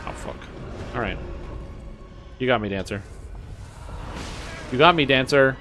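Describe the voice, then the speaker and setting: A man's voice: medium pitch, lively intonation, measured pace, sharp tone, faint music behind. Sarcastic young man ranting while gaming. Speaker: game streamer. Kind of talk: casual gameplay commentary. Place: apartment.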